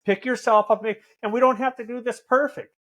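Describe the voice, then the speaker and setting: A man's voice: very high voice, steady tone, fairly quick, fairly bright tone. A middle-aged man in recovery, talking bluntly and profanely as a podcast guest, preaching tough love. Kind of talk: blunt conversational storytelling.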